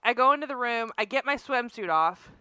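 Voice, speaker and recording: Woman co-host, animated storyteller who laughs often; bright, clean voice, dry close sound. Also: on the high side, brisk, clean tone, no room sound. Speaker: podcast co-host. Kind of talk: casual chat.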